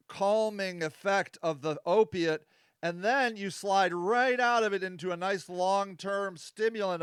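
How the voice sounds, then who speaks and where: A man with a high, resonant voice hosts a loose live-stream chat, reading viewer comments aloud. He rambles, fills gaps with ums and uhs, and pokes fun at himself. The sound is dry and close. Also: a bit bright, smooth, no room sound. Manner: rambling and self-deprecating, with many fillers. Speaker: host.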